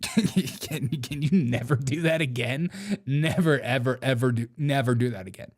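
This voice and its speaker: A man's voice: medium pitch, normal speed, slightly rough. A man hosting a commentary show, mocking clips with sarcastic remarks and frequent laughter. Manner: sarcastic, laughs often, teasing. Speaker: show host.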